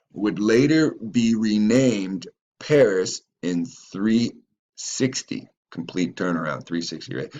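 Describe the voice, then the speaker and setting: A man's voice: lowish voice, a little mellow, muffled recording. A man hosting his own channel, reading passages aloud and commenting on them in a profane, rambling way, stumbling over names. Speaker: channel host.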